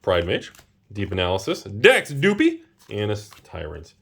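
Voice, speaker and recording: A man's voice: on the low side, wildly swooping pitch, unhurried, vocal fry, a bit bright, slightly rough. A man hosting a casual pack-opening video, chatting about prices and exclaiming over the cards he pulls. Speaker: channel host.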